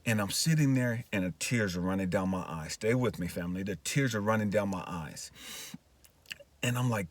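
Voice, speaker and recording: A man's voice: on the low side, moderate pace. A man telling a personal faith story in an earnest, repetitive way, often checking in with his listeners. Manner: earnest, repetitive, often asks "you know what I mean". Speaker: counselor sharing personal testimony. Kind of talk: emotional spoken testimony.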